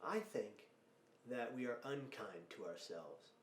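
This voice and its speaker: A man hosting a podcast, talking emphatically and growing loud when telling stories. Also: medium pitch, animated, a little slow, slight background noise. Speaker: podcast host and speaker. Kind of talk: podcast conversation. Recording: roomy echo.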